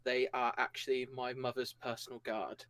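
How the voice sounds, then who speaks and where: A man's voice: mid-range voice, level tone, moderate pace, fairly bright tone, clear, resonant tone, no room sound. Rambling, hesitant man at a game table. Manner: rambling, hesitant, self-correcting. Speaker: player. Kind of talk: casual tabletop role-play chat.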